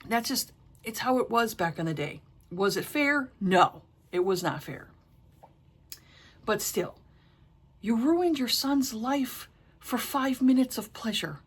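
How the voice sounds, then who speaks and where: A woman's voice: on the high side, lively intonation, takes it slowly, breathy edge. A middle-aged woman reviewing books in casual chat, blunt and exasperated, with a habit of swearing. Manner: frank, exasperated and profane. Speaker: book reviewer.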